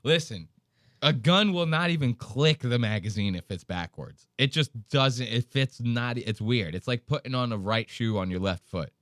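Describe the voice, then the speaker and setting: A man's voice: mid-range voice, moderate pace, a bit bright, dry recording, studio quality. A man hosting a casual podcast, telling a story with lots of swearing, laughter and acted-out quotes. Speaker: podcast host.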